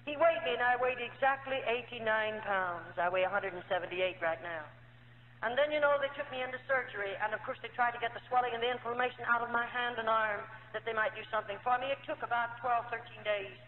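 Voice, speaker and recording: A woman's voice: fairly high pitch, fast. A former nun giving an emotional personal testimony, telling her story earnestly and acting out the dialogue of the people in it. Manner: earnest storytelling, acts out quoted dialogue, frequent "you know". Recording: tinny lo-fi archive recording in an echoey hall.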